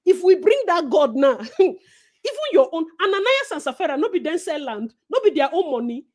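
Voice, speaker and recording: A Nigerian woman co-hosting a casual gossip chat, animated and preachy, slipping into Pidgin. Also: high voice, a little fast. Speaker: co-host.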